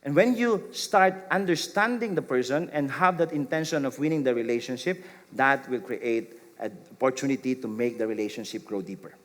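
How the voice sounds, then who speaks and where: A middle-aged man preaching a sermon as pastor, repeating phrases and acting out gentle replies. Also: medium pitch, moderate pace. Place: church sanctuary. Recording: long hall reverb.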